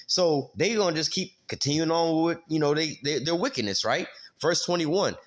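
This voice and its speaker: A man's voice: a little high, moderate pace. Slangy man teaching scripture. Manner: street slang, frequent filler words, casual cursing. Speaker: Bible teacher.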